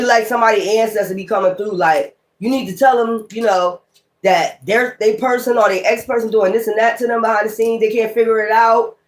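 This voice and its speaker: A woman tarot reader talking straight to her viewers in a blunt, heated rant full of cursing. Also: mid-range voice. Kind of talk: casual profane rant to viewers.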